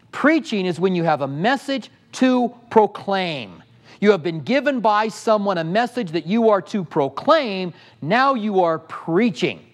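A middle-aged male pastor teaches a passionate sermon, firing off rhetorical questions at the congregation. His voice is high-pitched.

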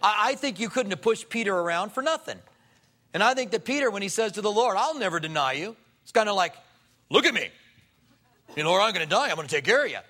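A male pastor delivers a sermon from the pulpit. His voice sits slightly higher than most men's. He talks in an animated way and briefly acts out the people he quotes. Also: fast talker.

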